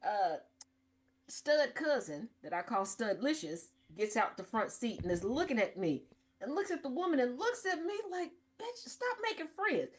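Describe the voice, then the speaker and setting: Animated woman telling a funny story. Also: on the high side, moderate pace. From Cincinnati, Ohio. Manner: animated, laughs often. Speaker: podcast host. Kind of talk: comedic casual storytelling.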